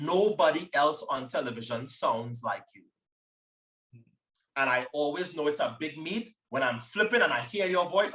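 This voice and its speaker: A man's voice: fairly high pitch, bright, forceful tone, distant mic, low-quality recording. Man, forties, Trinidadian accent with American edge, confident storyteller, voice a little off-mic. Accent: Trinidadian with American influence. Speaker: guest, former Olympic sprinter. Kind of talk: casual interview talk.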